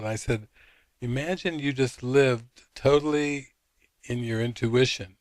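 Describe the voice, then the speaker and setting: A man's voice: medium pitch, fairly even intonation, unhurried, dry recording. Guy at a retreat telling a long story, lots of "like" and restarts, mid voice. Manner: anecdotal, retells dialogue with many fillers. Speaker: spiritual teacher.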